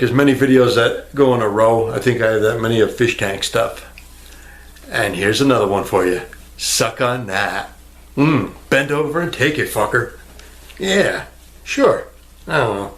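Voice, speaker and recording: A man rambles at his camera in a loose, crude monologue, mocking himself and chatting straight to the viewer. His voice is mid-pitched with a gravelly creak running through it. He is recorded at home on the camera's own microphone. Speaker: YouTuber. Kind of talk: rambling casual vlog monologue. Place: indoors at home, near a fish tank.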